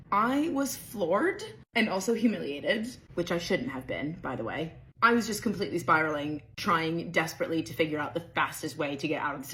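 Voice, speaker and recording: A woman speaks into her phone in a lowish voice, telling her story with wry, self-deprecating reflection. Her tone stays casual and unhurried. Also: a bit bright, poor audio. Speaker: storytime creator. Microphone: phone camera.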